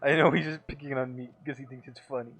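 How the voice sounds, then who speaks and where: A man's voice: medium pitch, fairly even intonation, fast, a bit bright. A young man chatting casually during a video game session, laid-back and easy to laugh. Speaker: let's play co-host. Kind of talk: casual gaming banter.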